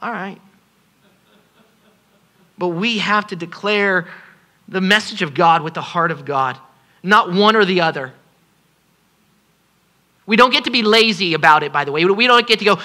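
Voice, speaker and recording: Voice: mid-range voice, normal speed, long pauses, pushed and bright. A pastor preaching a sermon at a congregation service, impassioned and pleading, repeating phrases for emphasis.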